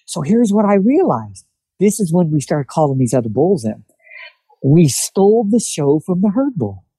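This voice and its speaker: A man relates a hunting story at a normal speed in a relaxed chat, animatedly acting out other people's lines. His voice is a little high and slightly rough, captured on a rough recording with no room sound.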